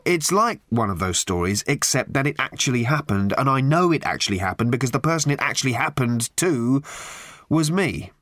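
A man reading a mild, good-natured young man in a storybook, speaking gently with a dry wit. The voice is lively in pitch and sounds close and dry. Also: no room sound, close to an everyday voice.

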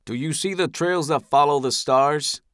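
A man voicing an older male ship leader in an audiobook, speaking in a grandfatherly, theatrical, deliberate way. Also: fairly high pitch, fairly bright tone, no room sound, clean studio sound, voice pushed up, natural voice. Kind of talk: audiobook character voice.

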